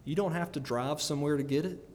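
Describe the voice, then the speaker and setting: A man preaching a sermon, animated and often breaking into laughter between emphatic peaks. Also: on the high side, fast, a little hiss or hum. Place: church sanctuary. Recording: long church reverb.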